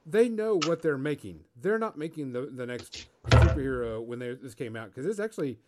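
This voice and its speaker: A man's voice: mid-range voice, animated, moderate pace, heavy background noise. A man co-hosting a casual movie podcast, easygoing and laid-back as he tells about a film. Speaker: podcast co-host. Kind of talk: casual movie review chat.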